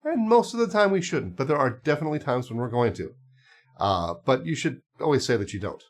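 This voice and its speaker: A man's voice: medium pitch, sing-song, brisk. A man teaching clarinet, talking casually and explaining step by step with small asides and fillers. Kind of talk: casual instructional talk.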